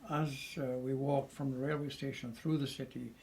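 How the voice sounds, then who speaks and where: A man in his eighties recounting old memories to family at home, lively and chuckling as he tells it. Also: mid-range voice, moderate pace, gravelly, a little hiss or hum, poor audio. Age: 80s. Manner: lively storyteller who chuckles often. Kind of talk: casual storytelling.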